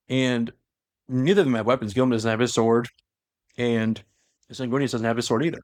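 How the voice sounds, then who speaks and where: A man's voice: mid-range voice, steady tone, brisk, pauses often, a little mellow, no room sound, studio quality. A young man co-hosting a podcast, retelling a story in a loose, rambling way with asides. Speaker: podcast co-host. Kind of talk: casual chat retelling a story.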